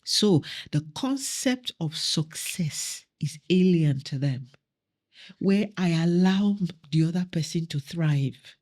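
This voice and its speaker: Guesting on a podcast, this woman, a mother and councillor, shares personal stories conversationally, earnest and reflective, voicing family exchanges as she goes. She speaks slowly with an animated, lowish, slightly mellow voice.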